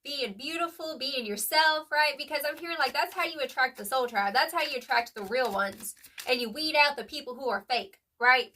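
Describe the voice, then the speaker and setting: A woman's voice: fairly high pitch, pushed and bright, recorded from a distance, a little hiss or hum. A young woman doing a casual tarot reading, chatty and emphatic, full of slang, calling the listener "boo-boo" and closing points with "period.". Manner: slangy, affectionate, calls the viewer "boo-boo". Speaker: tarot reader.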